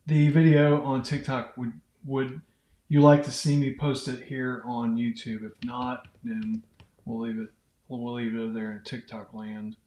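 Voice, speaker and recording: Slow, rambling man on a livestream. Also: mid-range voice, dark tone, reverberant, low-quality recording. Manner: rambling, casual, reads viewer comments aloud. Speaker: livestream host. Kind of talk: unscripted live chat with viewers.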